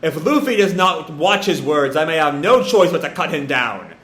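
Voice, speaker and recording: A man's voice: on the high side, big pitch swings, moderate pace, a bit bright. A man reading a manga aloud, voicing a stern adult samurai retainer in a formal, solemn way. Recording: roomy echo.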